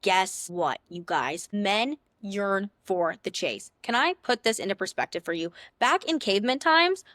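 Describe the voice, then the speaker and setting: A woman's voice: mid-range voice, animated, a little slow, few pauses, fairly bright tone, dry recording, studio quality. A young woman who hosts a podcast, giving sassy, playful dating advice in a casual big-sister tone. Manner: chatty, sassy, playful big-sister tone, acts out little scenes in other voices. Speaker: podcast host.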